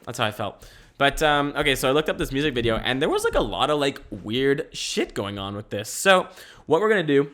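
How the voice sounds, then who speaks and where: Young male podcast host, energetic and rambling, casual chat from home. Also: mid-range voice, brisk. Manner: rambling and energetic, laughs often.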